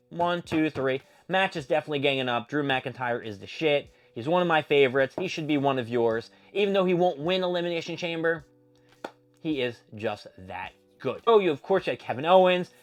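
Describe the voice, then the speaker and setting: A man hosting his own show, giving a casual, animated wrestling recap with swearing and quick impressions. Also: a little high. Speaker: show host.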